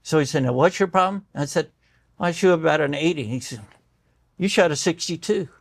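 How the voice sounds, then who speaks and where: A man's voice: a little high, a little fast, vocal fry, no echo. An older man, a doctor, telling stories in a conversation and acting out the voices of the people in them. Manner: animated storyteller acting out quoted voices, tears up. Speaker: doctor and guest. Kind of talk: storytelling in conversation.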